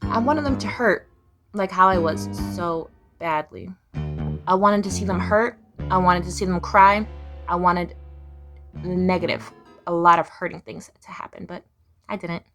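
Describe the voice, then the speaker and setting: A woman's voice: fairly low pitch, a little slow, long pauses, a bit bright, soft background music. A young woman telling her life story to the camera in a blunt, profane way, now and then squealing her inner voice. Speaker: vlogger.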